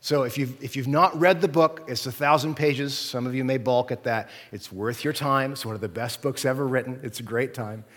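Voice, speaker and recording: Pastor preaching in a reverberant hall. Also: male voice, mid-range voice, steady tone, normal speed, hardly any pauses, a bit bright. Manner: conversational preaching with frequent "right?" and "okay?". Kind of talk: sermon.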